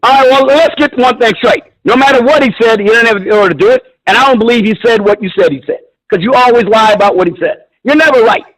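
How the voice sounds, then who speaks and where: A man's voice: extremely high pitch, fast talker, hardly any pauses, fairly bright tone, low-quality recording. A man calling in to a talk show, arguing bluntly and combatively with frequent swearing. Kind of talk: heated call-in argument.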